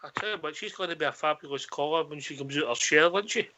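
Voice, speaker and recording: A man with a bright, higher voice hosting a call-in show. He jokes and banters with callers in a friendly way. The sound is a little dull and lo-fi. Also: fast talker, slight background noise. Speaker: host. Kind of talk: casual radio call-in hosting.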